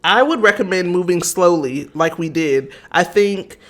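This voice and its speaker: A woman's voice: fairly low pitch, animated, a little slow. A young woman co-hosting a casual podcast with her partner. She talks in a chatty, teasing way and laughs frequently. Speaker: podcast co-host. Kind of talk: casual chat.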